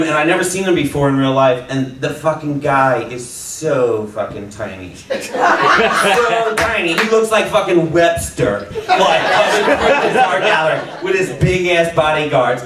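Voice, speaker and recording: At a small comedy venue, a man performs a stand-up set before a live audience, telling a rambling story packed with fillers and laughs. His fairly high voice has lively intonation and a moderate pace, recorded from far off in an echoey room amid crowd noise and audience laughter.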